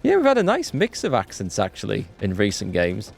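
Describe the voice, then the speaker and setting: A man hosting a live game playthrough, chatty and excitable, greeting viewers in chat. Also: lowish voice, fairly quick, gravelly, breathy edge. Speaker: let's play host. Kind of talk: live gameplay commentary. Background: faint game music.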